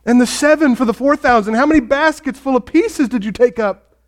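A man's voice: very high voice, fairly quick, voice pushed up. A man playing Jesus as a grieved teacher who presses his followers with raised, insistent questions. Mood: pleading, insistent.

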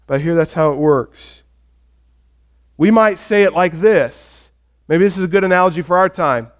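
A man preaching a sermon as a pastor, conversational and storytelling, dropping soft when he reads scripture. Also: fairly high pitch, normal speed.

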